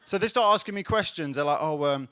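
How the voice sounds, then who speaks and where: A man performing a stand-up comedy set on a club stage, telling a story and building to loud laughs. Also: high voice, fast talker.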